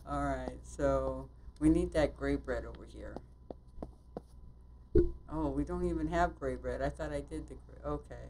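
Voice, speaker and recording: A woman playing a bakery shop game, muttering to herself as she works, with quick exclamations and mild swearing. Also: sits low, noisy background. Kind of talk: casual let's-play commentary.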